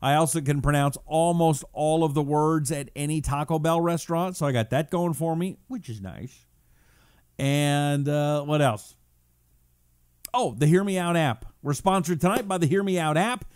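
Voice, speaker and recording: A man's voice: fairly high pitch, normal speed, a little mellow, clean tone, no echo, clean studio sound. A man hosting his own live talk show in a casual, playful, joking way, greeting his listeners. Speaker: radio and podcast host.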